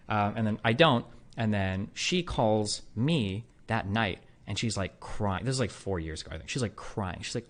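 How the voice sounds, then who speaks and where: A man's voice: on the low side, expressive, normal speed, few pauses. A man in his thirties talking casually to a stream audience, rambling with lots of fillers and blunt, profane asides. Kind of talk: casual monologue to a livestream audience.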